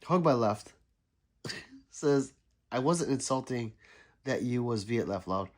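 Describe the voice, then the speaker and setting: Chatty man reading livestream chat, lively pitch. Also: slow. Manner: reads viewer comments aloud, laughs, sarcastic asides. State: sick.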